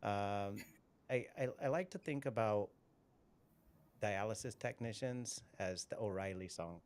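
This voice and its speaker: Low-voiced man, rambling host. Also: unhurried, darkish tone, smooth. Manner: rambling, repeats words, storytelling. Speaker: podcast host. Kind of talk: casual live interview chat.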